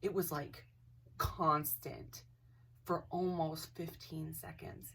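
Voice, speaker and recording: A woman's voice: low voice, little pitch movement, a little slow, a bit bright, distant mic, a little hiss or hum. A young woman casually telling a ghost story, hesitant, with many restarts and dips into near-whispers.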